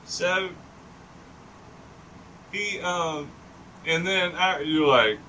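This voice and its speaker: A man's voice: high voice, drawn-out words, sharp tone. Rambling, laughing man heard from a distance. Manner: rambling, laughs often, profane. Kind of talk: casual storytelling chat. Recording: distant mic with noticeable background noise.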